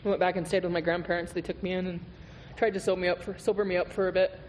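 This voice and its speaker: A man's voice: high-pitched, flat delivery, rapid-fire, a little mellow. A man giving a candid, profane recovery testimony as a guest speaker at a meeting, telling his story with laughs. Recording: reverberant hall with faint noise.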